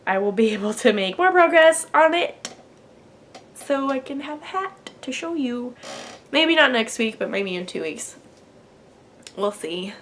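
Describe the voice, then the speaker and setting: A woman's voice: mid-range voice, fairly bright tone. A young woman in her twenties hosting a knitting podcast, chatting to camera at home in a bubbly, rambling way full of fillers. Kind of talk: casual chat to camera.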